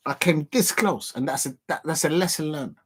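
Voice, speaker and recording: A young man from England, hosting a football watch-along in animated, casual chat, laughing often and repeating catchphrases. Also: a little high, normal speed, a little hiss or hum.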